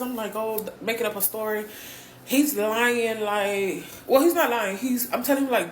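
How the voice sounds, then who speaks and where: A woman's voice: a little high, brisk, slight background noise. Breathless woman telling a raw story. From Houston, Texas. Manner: blunt, profane, emotional storytelling to viewers. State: out of breath and hurting. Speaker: vlogger telling her own story. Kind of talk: candid story time. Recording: echoey room, voice from a distance.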